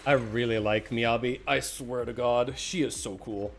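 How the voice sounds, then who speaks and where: A man's voice: medium pitch, steady tone, unhurried, gravelly, slight background noise. A man streaming a game, chatting casually, greeting viewers by name and snacking as he talks. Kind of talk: casual livestream chat.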